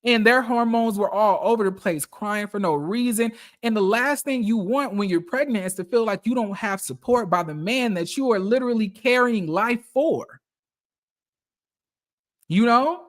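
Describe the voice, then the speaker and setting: A man's voice: high-pitched, normal speed. Sassy, profane male gossip commentator. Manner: animated, profane, sassy asides. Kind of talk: casual commentary, reading texts aloud.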